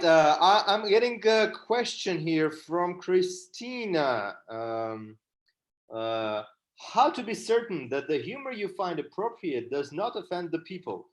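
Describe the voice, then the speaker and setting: A man with a high-pitched voice hosts a panel over a video call. He is loose and chuckling, reads out questions from the audience and hands the floor to the guests. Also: big pitch swings, measured pace. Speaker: moderator of an online panel. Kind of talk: hosting a video-call discussion.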